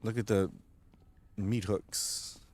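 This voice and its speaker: A man's voice: on the low side, fairly even intonation, takes it slowly, very noisy. A man streaming, chatting casually while gaming, rambling along and laughing often. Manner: rambling, laughs often, does goofy voices in retold scenes.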